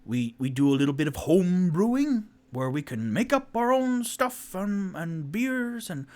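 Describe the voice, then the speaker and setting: A man voicing a nervous, chatty halfling homeowner in a high, fluttery voice during a solo tabletop role-play. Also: big pitch swings, unhurried, darkish tone. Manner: anxious, then hospitable chatter.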